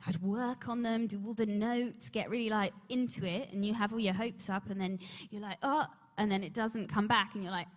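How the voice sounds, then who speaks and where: A woman's voice: medium pitch, steady tone, a little fast, hardly any pauses. A woman on a convention panel telling a long story, rambling and breaking off mid-sentence as she talks. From England. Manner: rambling, self-interrupting storyteller. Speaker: panel guest actor. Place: large convention hall. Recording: long hall reverb.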